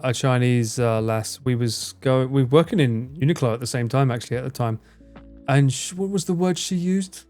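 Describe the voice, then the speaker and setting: A man's voice: on the high side, darkish tone. A man in casual live-stream chat, rambling, swearing freely and laughing often as he answers his chat. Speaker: livestreamer.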